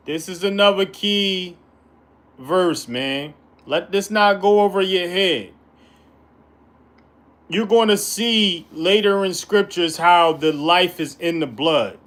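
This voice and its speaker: A man's voice: high-pitched, takes it slowly, a bit bright. A man teaching the Bible in an informal way, reading verses aloud and breaking in with colloquial, emphatic commentary.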